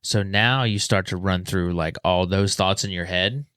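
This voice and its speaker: Low-voiced man telling a story. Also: normal speed, clean tone, no room sound, studio quality. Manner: animated, acts out quoted voices. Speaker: podcast guest. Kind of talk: casual storytelling.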